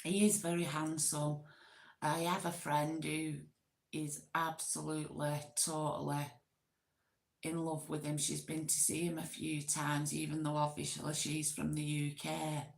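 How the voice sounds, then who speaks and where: A woman chats casually with her viewers in a slow, unhurried way. Her voice is gravelly and sits a little low. She rambles and giggles at herself. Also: monotone. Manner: chatty, giggly, rambling, self-deprecating. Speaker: livestream host.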